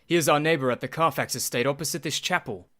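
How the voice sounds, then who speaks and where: A man's voice: a little high, quick pace, fairly bright tone, natural voice. A man voicing an earnest, devoted doctor in a radio play, speaking urgently. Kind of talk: community radio play acting.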